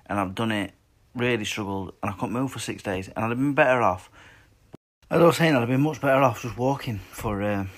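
A man's voice: fairly low pitch, fast talker, a bit bright. A man in his twenties, a boxer, answering fan questions in a blunt, sweary, rambling chat. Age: 20s. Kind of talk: casual chat.

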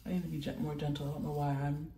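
A woman vlogger with the flu chatting in a rambling way, with sudden animated outbursts. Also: low-pitched, racing, a little hiss or hum. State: sick with the flu. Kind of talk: casual chat. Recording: roomy echo.

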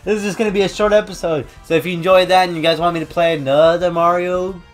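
A young man doing let's-play commentary while playing, loud, swearing and trash-talking the game. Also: high voice, steady tone, quick pace, soft background music. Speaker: gaming YouTuber.

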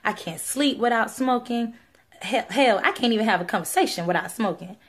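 A woman's voice: fairly high pitch, expressive, a little fast. Pleading young woman. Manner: pleading, earnest, many fillers. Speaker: vlogger sharing a religious testimony. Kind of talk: casual personal testimony.

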